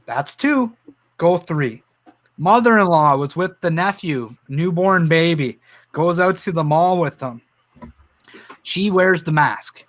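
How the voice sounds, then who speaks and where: Speaking with a fairly high pitch and a fairly bright tone, a Canadian livestream host shares personal stories and reads comments from viewers aloud, earnest and emotional throughout.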